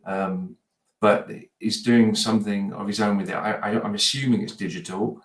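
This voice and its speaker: A man's voice: fairly low pitch, fairly even intonation, moderate pace. A man chatting casually as a podcast guest, rambling and hesitant, with many restarts. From United Kingdom. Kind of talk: casual chat. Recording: roomy, distant mic.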